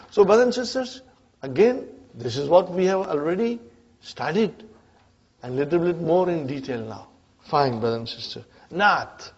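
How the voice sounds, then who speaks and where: A man's voice: high voice, darkish tone, dull audio. A man teaching an Arabic grammar class to adult students, often stopping to check in with "huh?" and "brothers and sisters". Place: community centre classroom.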